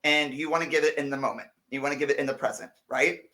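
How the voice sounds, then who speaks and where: A man's voice: fairly high pitch, flat delivery, quick pace, bright, forceful tone. A man co-hosting a podcast, playfully building up a surprise like an announcer. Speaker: podcast co-host. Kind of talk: casual chat.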